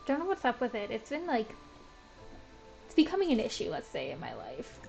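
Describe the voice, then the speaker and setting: A woman's voice: on the high side, huge pitch swings, brisk, vocal fry, a little mellow, faint music behind, poor audio. A woman streaming a building game, chatting casually to herself with lots of "like" and a self-described Valley Girl way of talking. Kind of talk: casual gameplay commentary.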